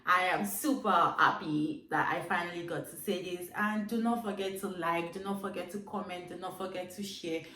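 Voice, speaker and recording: A woman's voice: lowish voice, normal speed, few pauses, sharp tone, slight background noise. A woman from Africa speaking earnestly and emphatically to her viewers in an opinion vlog. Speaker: vlogger. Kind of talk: direct-to-camera opinion vlog. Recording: roomy echo, mic set far off.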